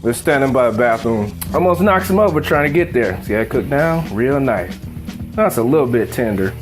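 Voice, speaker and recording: A man at his home stove runs a casual cooking demo in a laid-back, profane way, wandering off into a joke as he goes. His pitch jumps around a great deal. Music plays clearly behind him. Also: animated, moderate pace. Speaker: cooking show host.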